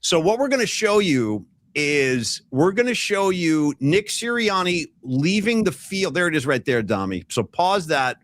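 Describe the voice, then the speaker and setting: A man's voice: a little high, measured pace, hardly any pauses. A man hosting a casual sports podcast, telling stories with energy and acting out what others said. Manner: animated storytelling, acting out quotes. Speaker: podcast host.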